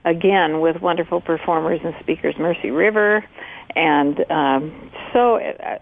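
Low-pitched female radio co-host, bubbly and warm in delivery, over thin phone-band audio. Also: unhurried, vocal fry, phone-quality sound. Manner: enthusiastic, laughs easily. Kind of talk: casual radio talk.

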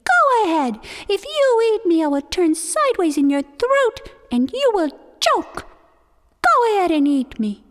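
A woman voicing a tiny lost young male turtle who is tearful but stubborn, with a high, wailing, pleading voice. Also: sing-song, measured pace, full character voice. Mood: defiant. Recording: long hall reverb.

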